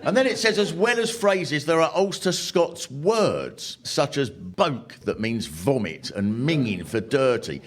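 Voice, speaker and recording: A man doing a wry, animated stand-up comedy routine to a live audience. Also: medium pitch, a little slow, hardly any pauses, some chatter behind. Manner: wry, animated, punchline-driven. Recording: noisy live recording with audience laughter.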